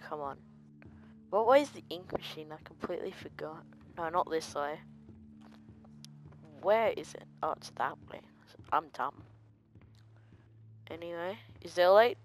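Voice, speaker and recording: A game player giving quiet let's-play commentary, talking softly and easily startled. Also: mid-range voice.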